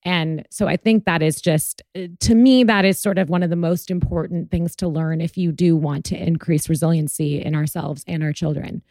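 A woman's voice: deep voice, steady tone, normal speed, few pauses, warm tone, no room sound, clean studio sound. A woman hosting a podcast interview, telling a personal story earnestly with plenty of fillers. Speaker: podcast host. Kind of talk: conversational interview.

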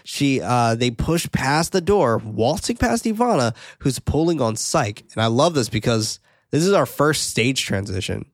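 A man's voice: mid-range voice, very animated, unhurried, no echo. Man recapping a film, dry sound. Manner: narrates scenes, then riffs with casual swearing. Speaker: podcast host recapping a film.

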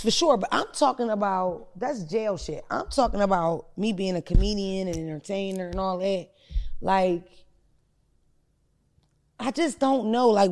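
Brief: female comedian-host with a gravelly voice, crude and frank storyteller. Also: medium pitch, a little mellow. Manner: blunt, profane, storytelling. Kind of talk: casual podcast chat.

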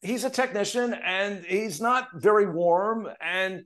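A man's voice: sits high, takes it slowly. A man from Canada, a TV producer and author, telling emotional stories in a casual podcast interview over a remote call. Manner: animated, emotional storytelling.

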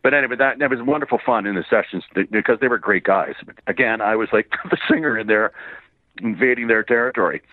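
A man's voice: lowish voice, fast talker, dry recording. A man from Canada, a voice actor guest, telling rambling anecdotes with frequent chuckles in a casual interview. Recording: tinny phone-like line, dry.

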